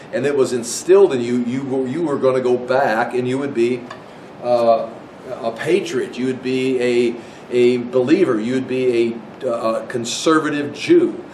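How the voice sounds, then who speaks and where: An American man giving a casual Bible history lecture, rambling with restarts and asides. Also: a little mellow. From United States. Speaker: Bible teacher. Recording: echoey room, mic far off, faint rumble.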